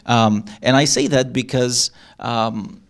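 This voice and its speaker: A middle-aged man speaking to a live audience in an ordinary, mid-range voice. He talks in an animated way, acting out quoted lines and laughing often. His delivery is loose and conversational. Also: medium pitch, takes it slowly. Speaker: workshop speaker.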